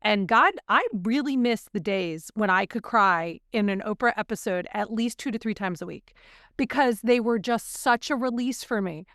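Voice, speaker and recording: A woman's voice: medium pitch, moderate pace, fairly bright tone, no room sound, clean studio sound. A woman co-hosting a podcast, talking candidly and reflectively in a casual chat. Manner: candid, reflective, openly emotional. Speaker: podcast co-host.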